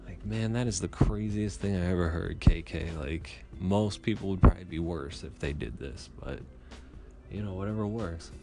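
A man's voice: deep voice, normal speed, over loud music. A man telling a rambling, profane comic story with chatty asides.

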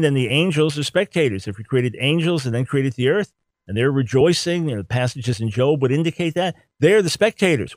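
A man's voice: mid-range voice, no echo. A man giving an emphatic theology teaching talk, repeating words to drive points home. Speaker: Bible teacher.

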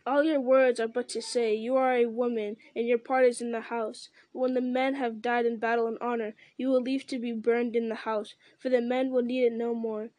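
A woman's voice: a little high, little pitch movement, moderate pace, hardly any pauses, darkish tone, dry recording, lightly acted. A woman reading as a proud, bitter shield maiden. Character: proud young noblewoman warrior, bitter and restless.

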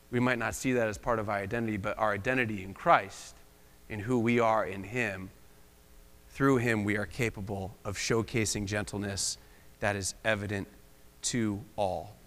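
In a church sanctuary with the long echo of a big hall, a young Pennsylvanian guest preacher gives a relaxed, joking, self-deprecating sermon in a conversational style. He speaks in a mid-range, fairly bright voice.

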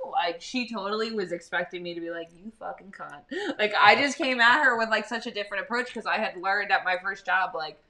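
A young adult woman co-hosting a podcast, chatting casually and telling stories with plenty of swearing. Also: medium pitch. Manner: profane, animated storytelling. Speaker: podcast co-host. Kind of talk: casual chat.

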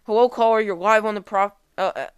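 In a comedy skit, a woman plays a prudish fifteen-year-old Mormon boy hosting a call-in podcast, flustered and scolding the callers. She talks fast in a natural, mid-range voice, and the recording is muffled.

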